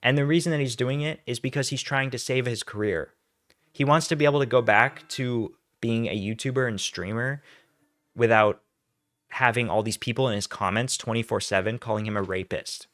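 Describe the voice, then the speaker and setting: A man's voice: mid-range voice, normal speed, a bit bright, no room sound, clean studio sound. A young man doing ranting YouTube commentary, sarcastic, blunt and profane.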